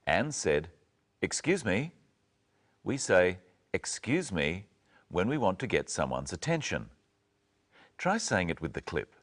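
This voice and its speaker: A man with a deep voice presents an English lesson. His speech moves up and down expressively as he carefully models each phrase. The delivery is slow and deliberate. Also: very animated. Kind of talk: slow, clear teaching narration.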